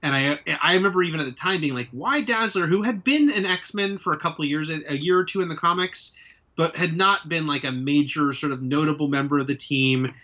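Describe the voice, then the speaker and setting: A man's voice: on the high side, fairly quick, sharp tone. A man in his forties co-hosting a casual pop-culture podcast, chatty and laughing along. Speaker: podcast co-host. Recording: dull lo-fi sound.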